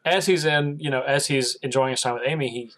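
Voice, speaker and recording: A man's voice: mid-range voice, a little fast. A man co-hosting a podcast, retelling an episode's plot in casual chat and acting out the characters' lines. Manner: animated storytelling, acting out quoted lines. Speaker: podcast co-host.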